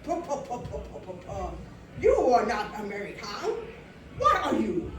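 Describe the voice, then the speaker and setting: A curt, scoffing male French waiter with a French accent, as a woman storyteller puts him on, in a fairly high voice. The sound is roomy and picked up from a distance. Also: wildly swooping pitch, moderate pace, very noisy. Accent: French, put on. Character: dismissive French waiter, adult man.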